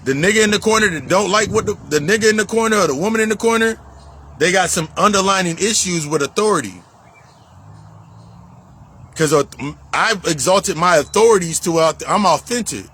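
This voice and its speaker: A man's voice: sits high, animated, fairly quick, fairly bright tone, a little hiss or hum, rough recording. A man talking as a life coach in a casual spiritual monologue, emphatic and profane, repeating himself for stress. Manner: emphatic, profane, repetitive street talk.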